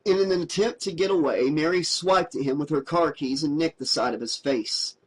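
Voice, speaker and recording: A man's voice: fairly high pitch, moderate pace, breathy edge, rough recording. Man reading a horror novel aloud. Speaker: audiobook narrator.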